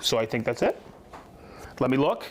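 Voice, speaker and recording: A man's voice: medium pitch, very animated, moderate pace. A man hosting a live product stream, chatty and upbeat, demonstrating tools and reading out viewers' hometowns. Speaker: host of a company livestream. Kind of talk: live product demo and viewer shout-outs.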